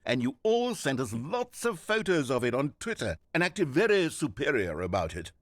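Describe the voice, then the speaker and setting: A man's voice: medium pitch, big pitch swings, moderate pace, dry recording, close to an everyday voice. A man voicing a pompous, sarcastic game narrator who reads out the story in a dry, mocking tone.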